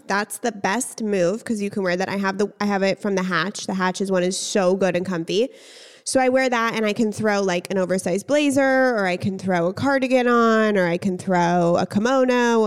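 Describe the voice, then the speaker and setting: A pregnant woman co-hosting a podcast, gushing and swearing casually in relaxed chat. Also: medium pitch. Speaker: podcast co-host.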